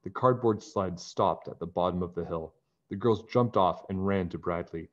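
A man reading a children's book aloud in a calm, even narrating voice. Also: deep voice, normal speed. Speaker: storybook reader. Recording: dull lo-fi recording.

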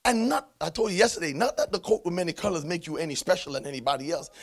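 Gravelly husky guy preaching, high bright voice, goes quiet then yells. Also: fast. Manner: emphatic, swings between hushed and shouting. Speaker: pastor. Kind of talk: sermon. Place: church.

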